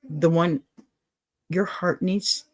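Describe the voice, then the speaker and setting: A woman hosting an advice show talks casually and reassuringly to a viewer, gentle in manner with apologetic asides. Her fairly low voice is steady in tone and very slow. A dog is in the room with her.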